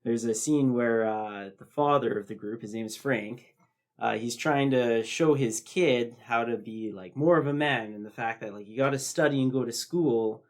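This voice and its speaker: A man co-hosting a podcast, telling a story in a relaxed, halting way with many fillers. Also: medium pitch. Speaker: podcast co-host. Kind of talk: casual chat.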